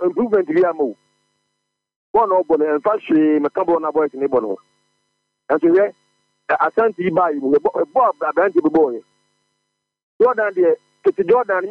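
Excited Ghanaian caller on a tinny phone. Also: male voice, fairly high pitch, gravelly, no echo. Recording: dry tinny phone line.

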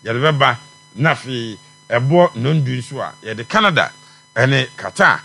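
A Ghanaian man hosts a sports call-in radio show. His voice is bright and forward, and his pitch swings a lot as he rolls through station idents and announcements at a brisk announcer clip. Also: lively intonation, creaky, husky, soft background music.

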